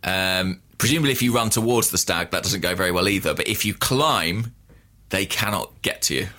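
A man chatting on a podcast in a dry, deadpan way, spinning out absurd stories. His voice is fairly low in pitch but has a bright, sharp edge. The tone stays relaxed and conversational. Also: a little fast. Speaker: podcast co-host. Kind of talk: casual chat.

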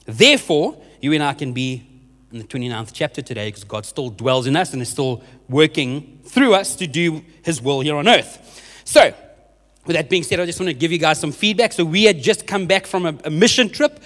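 Lively high-pitched young man. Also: normal speed. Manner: animated storyteller, laughs often, self-mocking. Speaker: youth minister. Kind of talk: humorous testimony in a church service. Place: church hall with a live audience. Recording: reverberant hall sound.

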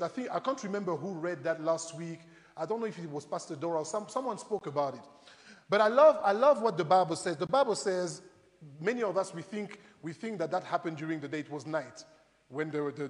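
Guy preaching, lively swinging voice, high-ish, big echoey hall. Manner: animated storytelling with acted-out voices. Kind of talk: sermon.

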